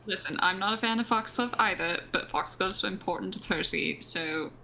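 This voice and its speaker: A woman's voice: mid-range voice, normal speed, bright, forceful tone, poor audio. A woman player in a tabletop game, talking in a firm, matter-of-fact way. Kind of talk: casual game chat.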